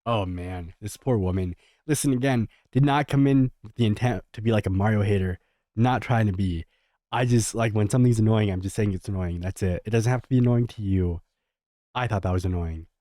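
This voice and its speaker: A man's voice: lowish voice, fairly quick, warm tone, no echo, studio quality. A young man giving casual reaction commentary, candid and full of jokey asides.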